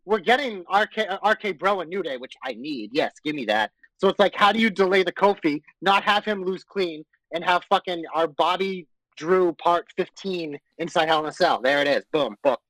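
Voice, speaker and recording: High-voiced man ranting, dry sound. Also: lively intonation, normal speed, few pauses, a bit bright, no room sound, poor audio. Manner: exasperated, profane ranting. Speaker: podcast co-host. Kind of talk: casual wrestling podcast chat.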